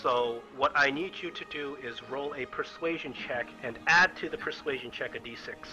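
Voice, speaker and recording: A man narrating as game master of a tabletop game, telling the story quickly with frequent stumbles and restarts. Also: mid-range voice, loud music behind the voice, rough recording.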